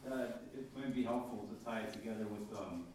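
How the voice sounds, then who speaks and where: A man in a Bible discussion, speaking in a measured way and reading scripture aloud with some hesitation. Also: on the low side. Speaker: Bible study participant. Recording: echoey room from far off, noisy.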